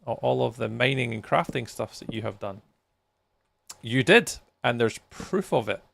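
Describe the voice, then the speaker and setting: A tired man talks through a live game stream, yawning now and then as he answers his viewers. His voice is deeply gravelly and full of fry, and it sits at an ordinary middle pitch for a man. He chats loosely and reacts to each message as it comes in. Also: animated, normal speed, a bit bright. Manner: chatty, reacts to chat messages, talks while playing.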